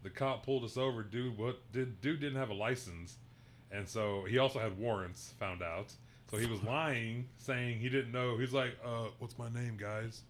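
A man from Fairfax, Oklahoma, telling a swearing, animated story in casual talk and acting out the quotes. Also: medium pitch, moderate pace, slight background noise.

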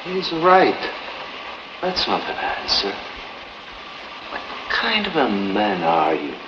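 An earnest juror in an old film drama who rebukes another man with lively rises and falls in his voice. The soundtrack is dull, with a clear noisy hiss. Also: fairly low pitch, exaggerated voice. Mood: reproachful. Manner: reproachful, measured and earnest. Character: stern, principled male juror. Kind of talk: 1950s film drama acting.

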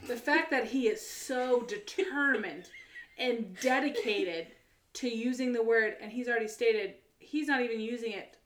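A woman co-hosting a podcast in casual chat, giving her opinion in emphatic, drawn-out rants. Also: on the high side, a bit bright, reverberant. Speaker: podcast co-host.

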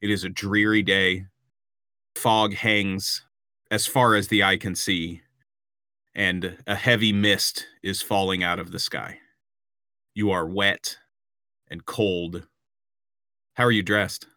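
A man's voice: sits low, fairly even intonation, slow pace, pauses often, pushed and bright, dry recording, clean studio sound. A man narrating a tabletop role-playing game as game master, describing scenes with frequent hesitations.

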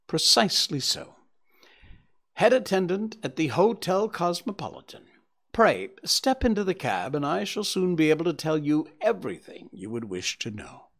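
A man reading aloud and voicing a sharp, self-assured gentleman detective who talks in a brisk, commanding, lightly mocking way. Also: fairly high pitch, big pitch swings, voice pushed up, exaggerated voice. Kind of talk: audiobook character reading.

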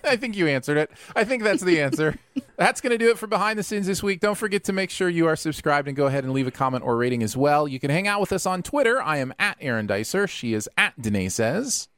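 Lively-voiced podcast host, man. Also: a little high, fast, no echo. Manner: laughs often, animated. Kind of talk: casual chat.

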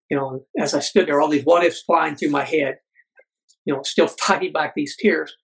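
A middle-aged man, a podcast guest, telling a personal story earnestly, halting with many fillers. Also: a little high, slightly rough, low-quality recording.

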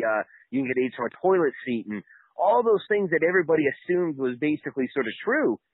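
A man's voice: fairly high pitch, breathy edge, no echo. Emphatic Canadian man on a tinny line. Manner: emphatic, conversational. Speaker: podcast co-host. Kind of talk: casual chat.

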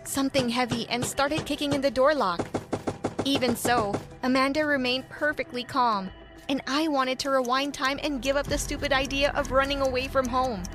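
A woman narrating a first-person story in an animated way, acting out the characters' lines. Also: high voice, moderate pace. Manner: animated, voices characters in quotes. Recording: soft music behind.

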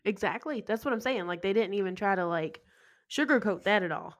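A woman's voice: mid-range voice, lively intonation, a little fast. A woman co-hosting a podcast, chatting casually about a film with blunt emphasis and casual swearing. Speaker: podcast co-host. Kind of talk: casual film-recap chat.

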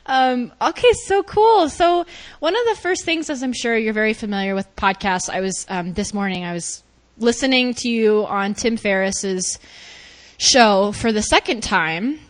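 A young woman hosts a podcast interview in a bubbly, chatty way, with a slightly high voice. She laughs often and her pitch jumps around a lot as she talks. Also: expressive, unhurried. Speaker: podcast host and life coach. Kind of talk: casual interview chat.

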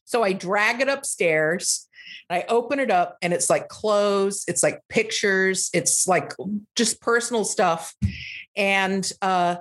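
A woman's voice: medium pitch, slow, fairly bright tone. A woman telling a casual comic anecdote on a podcast, rambling with lots of fillers and restarts, and acting out quotes with animation. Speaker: comedy podcast guest.

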